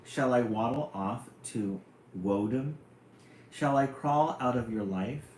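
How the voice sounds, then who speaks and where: Lovesick storybook turtle, tender and pleading, slow and a bit low, read by a man, roomy room. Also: a little mellow, close to an everyday voice. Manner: tender, pleading, sing-song. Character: lovesick male turtle pleading with his sweetheart. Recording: roomy room, faint hum.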